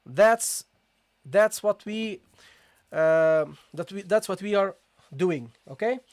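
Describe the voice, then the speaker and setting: A recitation teacher giving a live-streamed online lesson, explaining step by step, checking understanding with a frequent "okay?" and slowly sounding out letters to demonstrate. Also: mid-range voice, animated, darkish tone, no room sound, clean studio sound.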